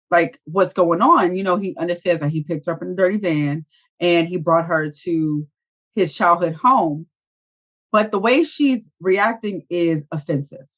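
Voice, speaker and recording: Sassy woman. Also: lowish voice. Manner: sassy, animated retelling with put-on quotes. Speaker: co-host reviewing a reality show. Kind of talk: casual chat. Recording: dull lo-fi audio.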